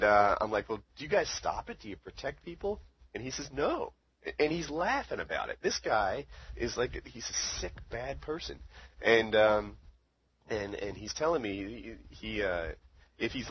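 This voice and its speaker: A man's voice: medium pitch, husky. A man telling a long story in casual chat, rambling with lots of fillers. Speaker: podcast co-host. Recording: dull lo-fi audio.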